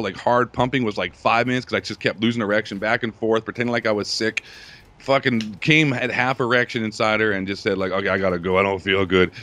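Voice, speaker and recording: A man's voice: lowish voice, a bit bright. A young man telling a crude story in casual chat, profane and rambling, laughing often. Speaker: podcast host.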